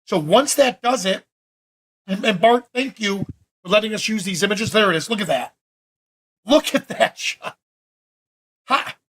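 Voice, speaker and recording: A man teaching photo editing during a live video-call session, talking in a chatty, animated way with frequent restarts. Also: high-pitched, a little slow, pauses often, husky. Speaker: photography workshop instructor. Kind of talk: live online Q&A demo.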